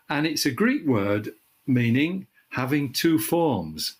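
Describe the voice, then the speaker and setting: An older man from the UK, with a frog in his throat, explaining space science in casual chat and clearing his throat often. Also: medium pitch. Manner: thoughtful, restarts phrases, clears throat often. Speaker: astronomy guest expert.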